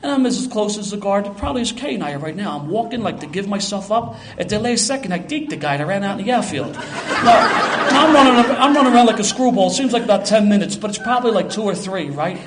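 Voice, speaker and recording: An older man with a Philadelphia accent tells a streetwise, self-mocking story to a live audience at a quick clip. His voice sits a little high for a man, and faint noise runs behind him. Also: expressive.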